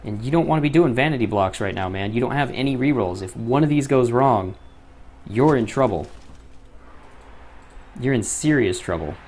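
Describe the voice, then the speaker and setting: A man's voice: medium pitch, lively intonation, fairly quick, a little mellow. A young man commentating his own gameplay, often frustrated, swearing and muttering to himself. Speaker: gaming YouTuber.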